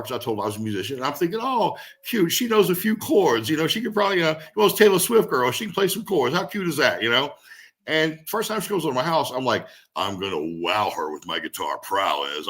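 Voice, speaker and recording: A man in a casual interview, telling stories as a guest musician and singer, animated and swearing freely. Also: mid-range voice.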